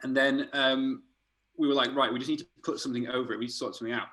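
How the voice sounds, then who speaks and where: A man, an art director, casually telling animated stories in a podcast chat, laughing and swearing as he goes. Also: mid-range voice, rapid-fire, low-quality recording.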